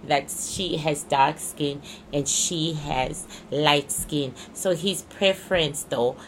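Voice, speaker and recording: A woman's voice: low voice, slow, a little hiss or hum. A woman giving a casual spoken card reading, speaking emphatically and often repeating and restating her points. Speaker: psychic reader.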